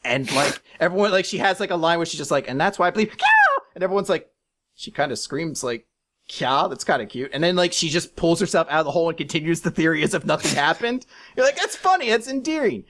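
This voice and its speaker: A podcast co-host in casual chat, ranking a list, animated and sarcastic, breaking into shouted impressions. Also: mid-range voice, fast talker.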